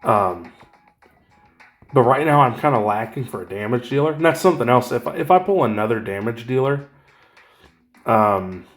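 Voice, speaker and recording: A man's voice: medium pitch, expressive, normal speed, pauses often, soft background music. A man casually talking through his mobile game progress, rambling and correcting himself with wry asides. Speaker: gaming channel host. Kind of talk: casual gameplay commentary.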